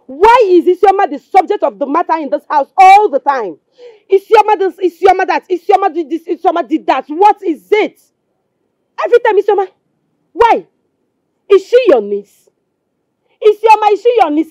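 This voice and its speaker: An actress playing a scornful, jealous wife with a Nigerian accent, mocking and dismissive. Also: female voice, very high voice, warm tone, dry recording, lo-fi sound. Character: scornful jealous wife, sharp-tongued, suspicious. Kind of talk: Nollywood film acting.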